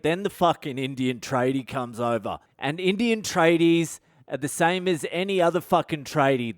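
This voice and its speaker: A man's voice: on the high side, clean tone, no room sound, studio quality. A man in his thirties with an Australian accent, a comedian and podcast host telling a brash, profane story. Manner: brash, sweary, animated storytelling.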